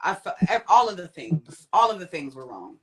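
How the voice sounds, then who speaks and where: A young woman with a lowish voice recounts a personal ordeal as a guest. She tells it vividly, leaping up in pitch whenever she acts out what someone said. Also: big pitch swings, moderate pace, crowd noise. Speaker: guest sharing a testimony. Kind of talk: personal storytelling.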